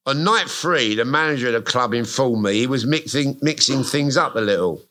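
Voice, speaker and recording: A man's voice: mid-range voice, animated, normal speed, bright, forceful tone. Wry man reading his memoir. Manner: wry, comic storytelling with self-mocking asides. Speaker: guest author. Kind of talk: reading his memoir aloud to a live audience. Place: live music venue stage.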